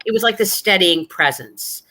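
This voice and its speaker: A woman's voice: mid-range voice, animated, normal speed, bright, forceful tone. A woman telling a ghost story in casual chat, rambling and earnest, with many fillers. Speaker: guest storyteller.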